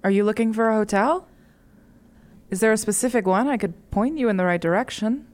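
Woman doing a polite elf sailor guy in a tabletop game, helpful, kinda concerned, normal pitch. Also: a little fast, darkish tone, close to an everyday voice. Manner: helpful, courteous.

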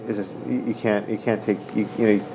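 A man in a casual Talmud study session, talking haltingly with many restarts as he reads passages aloud and paraphrases them. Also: lowish voice, fairly even intonation, noisy background.

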